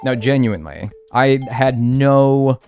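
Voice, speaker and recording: A man's voice: mid-range voice, lively intonation, slow, a little mellow, soft background music. A young man streaming a game live, talking to his viewers with playful mock outrage and a lot of swearing.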